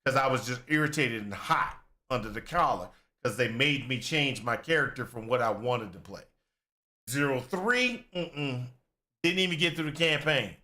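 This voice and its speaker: A man's voice: mid-range voice, expressive, normal speed, sharp tone. A man giving casual, rambling reaction commentary on a video game, venting in exasperation and acting out his own past complaints. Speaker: gaming content creator.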